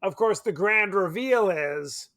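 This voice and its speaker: A man co-hosting a podcast in casual chat, animated, laughing often and swearing casually. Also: high voice, takes it slowly. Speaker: podcast co-host. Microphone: remote podcast mic.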